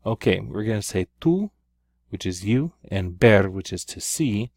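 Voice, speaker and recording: A low, gravelly-voiced male teacher talks through a Spanish grammar lesson at an unhurried pace. He explains each step patiently and keeps checking in with his listeners. The recording is close and dry. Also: lively intonation, a little mellow, dry recording.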